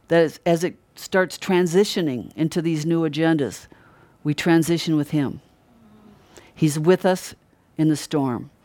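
A middle-aged preacher talks through a sermon in a relaxed, conversational way, leaning on certain words and repeating them for weight. The voice sits in a middle pitch and sounds earnest. It is recorded close and dry, with no room echo. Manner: earnest, emphatic repetition of key words. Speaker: Christian preacher.

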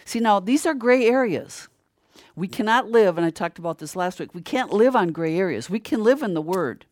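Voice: animated, normal speed, no echo. Older preacher, dry close sound, rhetorical questions, heats up as the point builds. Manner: asks rhetorical questions and answers them; grows louder and higher when stirred. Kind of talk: sermon.

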